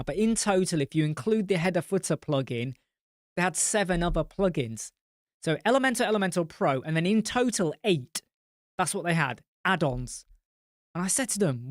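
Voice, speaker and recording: A man's voice: high voice, no room sound, studio quality. A man hosting a live-stream chat, swearing bluntly as he tells client stories and answers viewer comments. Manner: blunt and profane. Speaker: host.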